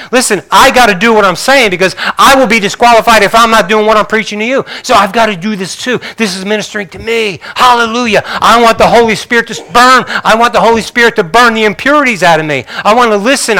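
Older guy preaching, high bright voice, chatty, keeps asking the crowd stuff, goes loud then real quiet. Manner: conversational, questions the audience, swings between loud and soft. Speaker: pastor. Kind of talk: sermon.

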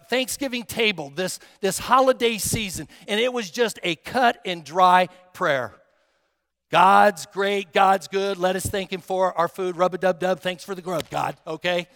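A male pastor preaching a sermon, emphatic and dramatic, dropping to a hush and then rising to a shout. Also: sits high, gravelly, big-room sound. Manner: emphatic, swinging from hushed to shouting.

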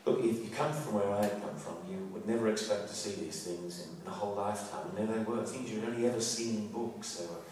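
A man's voice: lowish voice, fairly quick, hardly any pauses, a little hiss or hum. A middle-aged man performing a live cabaret monologue, telling a story and bursting into frantic sung patter. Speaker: stage performer. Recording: live stage, distant mic, roomy echo, loud music.

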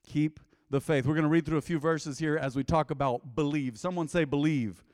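Man, pastor, sermon, call-and-response, higher pitch, dry sound. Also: fairly quick, no echo. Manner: call-and-response preaching, swings loud and quiet. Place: church with live congregation.

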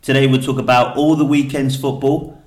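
A man hosting a casual football podcast, upbeat and loud as he introduces the show and asks his co-hosts questions. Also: medium pitch, level tone, normal speed. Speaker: podcast host. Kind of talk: casual chat about football. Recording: echoey room.

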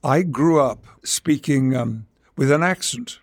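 Measured and theatrical, an older male actor being interviewed speaks in trained English stage diction, his gravelly voice at medium pitch. Hailing from Yorkshire, England, he mixes conversation with dramatic verse reading.

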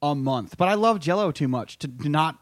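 A man's voice: a little high, lively intonation, normal speed, no room sound, studio quality. A young man, co-hosting a casual comedic chat, profane and laughing often. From Connecticut, USA. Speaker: podcast co-host.

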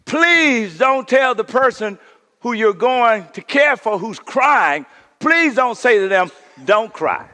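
High-voiced preaching pastor in a reverberant hall. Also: male voice, expressive, slow pace. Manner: call-and-response preaching, drops to a hush for emphasis. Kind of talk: sermon. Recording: long reverb in a church hall.

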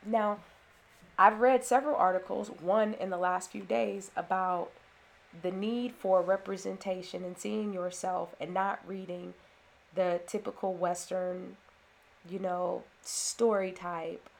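A woman's voice: mid-range voice, steady tone, takes it slowly, vocal fry. A woman, a mother and former teacher, telling a personal story in an earnest, reflective way. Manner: earnest, reflective, with restarts and fillers.

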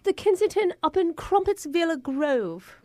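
A woman's voice: very high voice, very animated, moderate pace, mellow. A woman voicing a pompous, fake-posh English job applicant, with an exaggerated put-on English accent, rambling silly made-up things. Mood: hammy posh.

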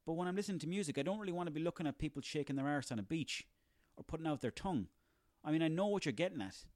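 A man's voice: a little high, lively intonation, racing, darkish tone, no echo, clean studio sound. An Irish man in his thirties delivering a sarcastic, profanity-laden comic rant on his own. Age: 30s. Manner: profane, sarcastic, ranting, rambling.

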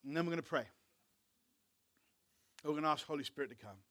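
Male pastor, high voice, fervent sermon delivery that swells loud, repeats himself and restarts lines. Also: a little fast. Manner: impassioned, building to loud emphatic preaching; repeats words and restarts phrases.

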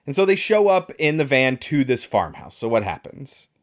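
A man's voice: mid-range voice, very animated, normal speed. Wry man explaining a bad movie. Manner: wry, explanatory, laughs often. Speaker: podcast co-host. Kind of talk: casual chat reviewing a film.

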